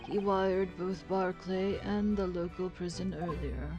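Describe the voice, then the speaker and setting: A woman voicing a composed, polite young woman who speaks with calm assurance in a game. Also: on the low side, unhurried, highs cut off, music in the background, close to an everyday voice. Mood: assured.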